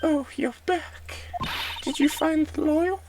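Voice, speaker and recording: A fan voice actor voicing a chatty young woman in a much higher voice. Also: fairly even intonation, a little slow, very noisy. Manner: bright, chatty, high-pitched. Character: cheerful young female spirit medium. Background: music.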